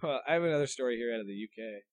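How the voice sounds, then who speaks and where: A man's voice: mid-range voice, animated, rapid-fire. A man co-hosting a casual comedy podcast, reading out odd news stories and stumbling over his notes.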